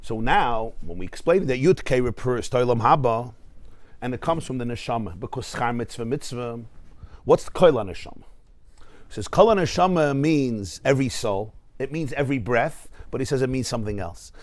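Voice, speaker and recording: A man, a rabbi, teaching a Torah class to a live audience in a study hall, animated and storytelling with humor, mixing in Hebrew terms. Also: medium pitch, normal speed. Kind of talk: lively Torah class lecture.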